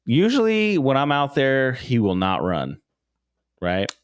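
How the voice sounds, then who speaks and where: A man's voice: medium pitch, huge pitch swings, slow pace, clean tone. A young man co-hosting a podcast, telling stories in casual chat, swearing a lot and acting out his own reactions. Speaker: podcast co-host.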